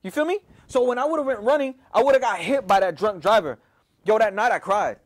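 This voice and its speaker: A man's voice: high-pitched, animated, fairly quick. A man from Houston, telling a personal story in a casual, profane, rambling way, full of "you know" and "right?". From Houston, Texas.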